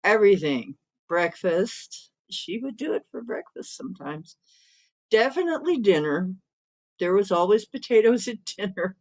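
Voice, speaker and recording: A woman's voice: medium pitch, very animated, normal speed, a little mellow. A middle-aged woman hosting a live stream in casual chat, rambling and chuckling often as she reads comments and talks to her cat.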